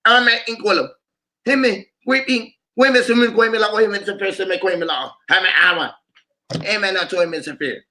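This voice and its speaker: Man, high-pitched voice, rambling freestyle monologue, chanting repeated words, loose wordplay. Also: a little fast, bright, forceful tone. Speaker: vlogger.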